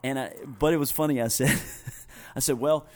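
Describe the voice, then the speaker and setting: A man from North Carolina with a softened Southern accent, a pastor chatting thoughtfully and often restarting his sentences. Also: mid-range voice, fairly even intonation, normal speed. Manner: thoughtful, restarts often, chuckles while telling stories. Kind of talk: conversational podcast chat.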